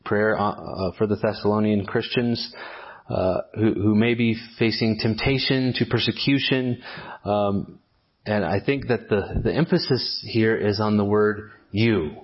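A low-voiced man delivers a sermon, working through a text in a measured, explanatory way. He pauses on fillers and restarts his phrases as he thinks. The recording is dull and lo-fi. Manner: measured expository preaching with frequent fillers and restarts. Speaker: pastor.

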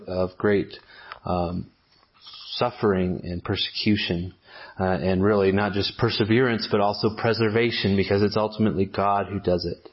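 A man preaching an expository sermon at a measured pace, often restarting with fillers as he explains a passage. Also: fairly low pitch, muffled recording. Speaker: pastor.

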